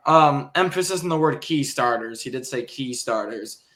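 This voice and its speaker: A man's voice: medium pitch, expressive, moderate pace, fairly bright tone. A young man hosting a casual sports podcast, easygoing and rambling, with frequent ums and chuckles. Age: young adult. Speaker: podcast host.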